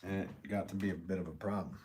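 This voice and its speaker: A middle-aged man with a low voice is talking loosely to viewers on his live stream, drifting from one thought to the next as he reads out comments. The background noise in his studio is clearly audible. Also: quick pace. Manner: relaxed, rambling, chatty. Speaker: potter hosting a livestream. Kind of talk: casual live-stream chat reading comments. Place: pottery studio. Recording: noisy background.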